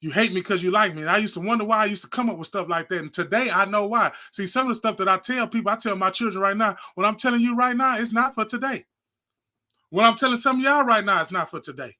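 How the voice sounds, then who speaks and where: The podcast host speaks fast in a high voice that's pushed and bright. Holding the phone close, he preaches casually to his viewers, wandering off and saying things more than once.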